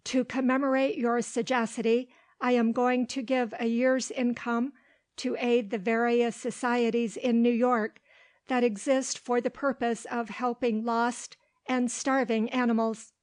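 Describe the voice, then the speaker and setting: A woman reading the lines of a gentle, earnest English lady who speaks formally. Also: on the high side, flat delivery, unhurried, lightly acted.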